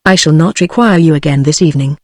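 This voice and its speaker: A woman's voice: low voice, fast, no echo, clean studio sound. A synthetic woman's voice reading a cowardly scheming Russian official. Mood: smooth. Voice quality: synthetic text-to-speech voice. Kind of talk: text-to-speech audiobook.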